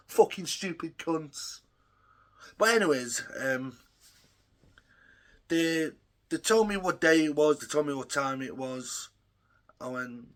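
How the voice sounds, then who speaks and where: A man's voice: fairly high pitch, moderate pace, long pauses, a bit bright. Rambling, swearing young man. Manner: rambling, profane, frequent ums. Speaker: vlogger. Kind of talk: casual storytelling vlog.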